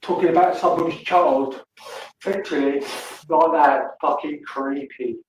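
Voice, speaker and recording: A man's voice: on the high side, steady tone, measured pace. An older man, chatting crudely and laughing with viewers on a livestream, tired and rambling. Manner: crude, swearing, laughing often. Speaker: livestream host. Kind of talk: rambling casual chat to viewers. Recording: echoey room, distant mic, faint noise.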